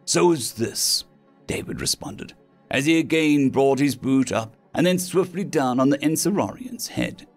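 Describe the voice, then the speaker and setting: A man's voice: mid-range voice, a little slow, soft background music. A man voicing a weary, wounded marine corporal. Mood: grim. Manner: terse, clipped commands.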